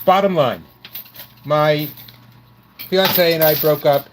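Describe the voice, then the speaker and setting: A man's voice: on the high side, slow, background noise. A man in his sixties from New York, chatting casually and telling rambling stories, often restarting his sentences. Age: 60s. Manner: rambling, self-correcting storyteller. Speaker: host. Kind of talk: casual chat.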